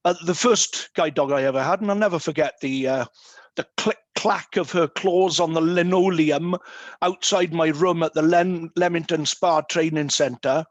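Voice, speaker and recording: A man telling humorous stories with many fillers and pauses, speaking as guest at an online meeting over a video call. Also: fairly high pitch, dry recording. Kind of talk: anecdotal talk at an online meeting.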